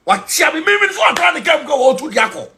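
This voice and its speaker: A man with a Ghanaian accent, preaching in an excited chanting call-and-response style, repeating his phrases over and over. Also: very high voice, rapid-fire, gravelly, crowd noise. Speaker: self-styled spiritual leader.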